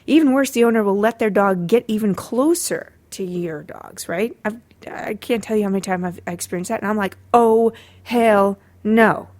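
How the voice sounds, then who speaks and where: A woman's voice: medium pitch, fairly quick, a little mellow. A woman hosting a dog training podcast, talking casually with sarcastic asides and frequent fillers. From Los Angeles area.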